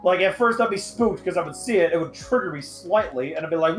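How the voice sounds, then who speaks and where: A man hosting a casual podcast chat, excitable and profane, breaking into sudden loud outbursts. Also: sits high, fast talker, hardly any pauses, faint music behind. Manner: excitable, swearing, shouts in bursts. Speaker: podcast host.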